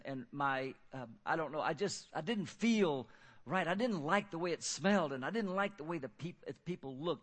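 A man telling a personal testimony in a casual, halting way, with many fillers. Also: fairly high pitch, fairly bright tone. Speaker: storyteller.

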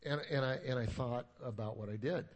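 A man's voice: mid-range voice, fairly quick. A middle-aged man, a pastor, preaching a sermon in a conversational, self-deprecating storytelling way.

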